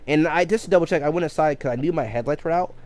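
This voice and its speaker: A man's voice: on the high side, fast, a little mellow. A man casually telling a long story on a game livestream, rambling with many restarts and self-corrections. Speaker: game streamer.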